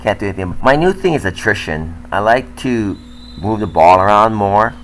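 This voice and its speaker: A man's voice: fairly low pitch, expressive, normal speed, fairly bright tone, a little hiss or hum, poor audio. An older man, a tennis coach, talking candidly and self-critically as he comments over footage of his own match.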